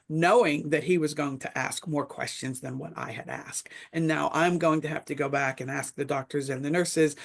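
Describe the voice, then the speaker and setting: Gravelly-voiced woman telling a story. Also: deep voice. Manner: reflective storytelling with many fillers. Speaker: webinar panelist. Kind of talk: casual webinar discussion.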